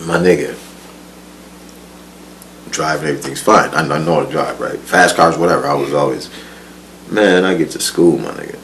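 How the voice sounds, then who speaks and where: A young man casually telling a story from his life, animated and profane, laughing often and mimicking the people he quotes. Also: very deep voice, moderate pace, long pauses, slight background noise, low-quality recording.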